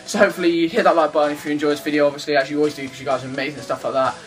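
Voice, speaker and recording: A young man, ranting loudly and excitably to the camera in a gaming vlog. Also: a little high, racing, faint music behind. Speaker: YouTuber.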